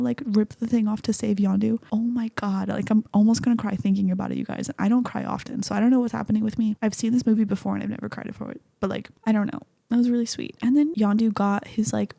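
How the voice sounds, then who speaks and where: Gravelly young woman chatting casually. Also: mid-range voice, warm tone, no echo. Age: young adult. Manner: rambling and chatty, with lots of "like" and swearing. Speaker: podcast host. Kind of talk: casual podcast movie chat.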